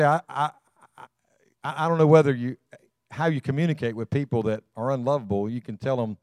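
A man's voice: medium pitch, brisk, darkish tone, dry recording. A man, preaching a sermon as pastor. He speaks emphatically, calls out to the congregation and repeats words as he builds his points.

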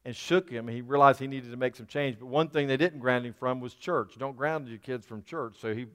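A pastor preaches a sermon to his congregation in a church sanctuary, building toward fervent emphasis. His mid-range voice is fairly quick, a bit bright and clean, set against the long reverb of a large hall.

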